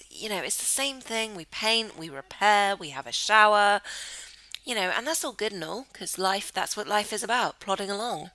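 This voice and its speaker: A woman chatting excitably through Let's Play commentary, giggling often. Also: medium pitch, no room sound, low-quality recording. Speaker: gamer host.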